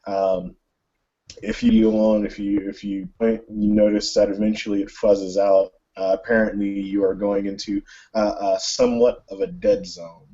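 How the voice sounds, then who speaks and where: A man narrating as game master of a tabletop role-playing game, halting with many fillers. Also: fairly low pitch, level tone, mellow, muffled recording.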